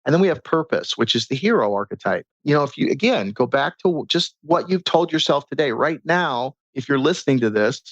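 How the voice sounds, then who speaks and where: Man coaching with lively stories, lo-fi. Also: medium pitch, fairly quick, few pauses, dry recording. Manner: animated, teaching with stories and rhetorical questions. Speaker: podcast guest, transformation coach. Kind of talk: casual conversational interview. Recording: dull lo-fi sound.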